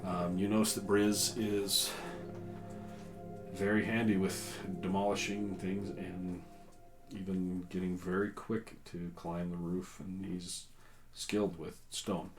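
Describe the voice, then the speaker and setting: A man narrating as game master in a relaxed, rambling way with many filler sounds. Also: low voice, slow pace, over music.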